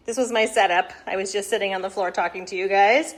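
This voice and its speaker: A woman's voice: medium pitch, fairly even intonation, fast, few pauses. A woman hosting a casual home vlog from her living room, chatty and giggly, talking to viewers and breaking into baby talk with puppies. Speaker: dog breeder and channel host.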